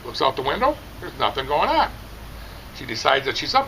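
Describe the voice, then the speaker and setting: A middle-aged man telling a rambling, animated story, casually chatting outdoors at a barbecue competition. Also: mid-range voice, a little fast, creaky, slight background noise, rough recording.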